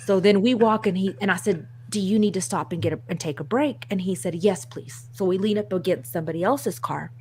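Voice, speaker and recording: Woman, co-host, casual storytelling, animated, self-mocking, laughs a lot, faint background hiss. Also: mid-range voice, a little fast, hardly any pauses.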